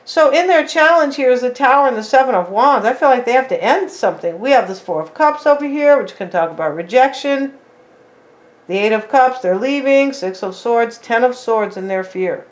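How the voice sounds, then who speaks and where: A woman's voice: a little high, animated, moderate pace. A woman giving a casual tarot reading, chatting straight to her viewers and tagging her lines with "right?" and "like". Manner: talks straight to viewers as "you guys". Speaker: tarot reader.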